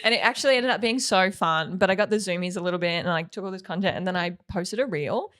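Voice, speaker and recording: A woman's voice: lowish voice, fast. Young woman rambling thru a story on a podcast, says like a lot, gets bouncy doing quotes. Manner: rambling, heavy use of "like"; animated when quoting. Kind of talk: casual storytelling chat.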